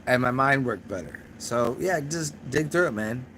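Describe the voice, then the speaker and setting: A man's voice: medium pitch, lively intonation, moderate pace, noisy background. A young man hosting a casual livestream, talking to his chat in a rambling, profane way, a little drunk and laughing at his own jokes. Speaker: channel host answering live chat.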